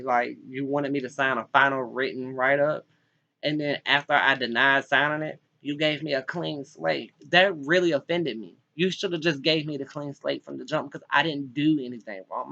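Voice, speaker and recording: Young guy, gravelly voice, begging for help, keeps restarting, kinda muffled lo-fi recording. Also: a little high, bright, forceful tone. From North Carolina, US. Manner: pleading, rambling, with frequent restarts. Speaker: vlogger. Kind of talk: direct-to-camera personal appeal. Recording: dull lo-fi recording.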